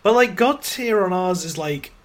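A man co-hosting a casual chat, hesitant and slow to get his words out. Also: high-pitched, animated. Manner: slow, hesitant, often restarts sentences. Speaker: podcast co-host.

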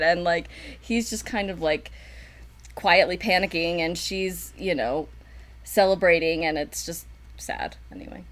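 A woman's voice: lowish voice, a little slow. A woman co-hosting a casual book discussion, thinking aloud with many fillers and sighs. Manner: animated, full of fillers and sighs. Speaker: podcast co-host.

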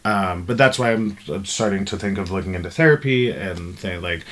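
A man's voice: sits low, a little fast, fairly bright tone. A man hosting a casual podcast chat, rambling with lots of fillers. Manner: rambling with many fillers and laughs. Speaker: podcast host.

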